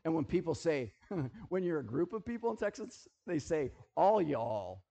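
A man preaching a sermon, animated and jokey, who keeps checking that his listeners are following. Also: fairly high pitch, normal speed, creaky, breathy edge. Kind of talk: sermon with object lessons.

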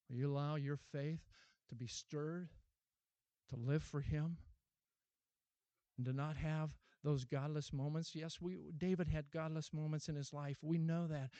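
A man preaching a sermon as pastor, asking many rhetorical questions and repeating his words, moving from loud urgent appeals to a quiet closing prayer. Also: on the high side, fairly even intonation, measured pace, no room sound, lo-fi sound.

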